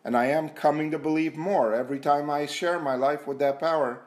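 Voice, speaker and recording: A man giving an earnest, self-mocking personal testimony at a recovery meeting, repeating himself and sometimes dropping to a hushed voice. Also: on the high side, fairly even intonation, fairly quick. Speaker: speaker sharing at a recovery meeting. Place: meeting room.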